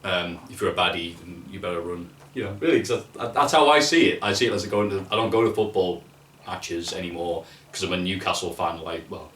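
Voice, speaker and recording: A man's voice: deep voice, brisk, a bit bright. A young man from North East England chatting casually as a guest, swearing a lot and acting out quotes in voices. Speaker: guest, wrestling video maker. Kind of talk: casual chat. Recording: echoey room, from mic distance.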